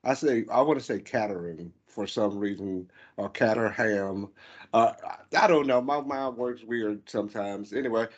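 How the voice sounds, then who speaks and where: A man's voice: mid-range voice, moderate pace, breathy edge. A man with a Southern US accent, co-hosting a casual car podcast and rambling with playful teasing. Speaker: podcast co-host. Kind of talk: casual chat. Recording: dull lo-fi sound.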